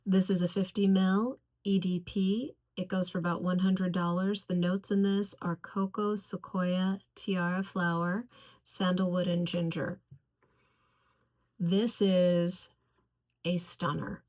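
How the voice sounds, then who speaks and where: A woman reviewing fragrances in a casual video, gushing over each scent and slowly listing its notes. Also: fairly low pitch, level tone, darkish tone. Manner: effusive, gushing about scents; slow, deliberate listing of notes.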